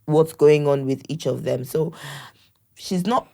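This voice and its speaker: Middle-aged woman guest, low voice, chatty anecdotes. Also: unhurried, gravelly. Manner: warm storytelling, acts out family members' lines. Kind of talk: casual conversation.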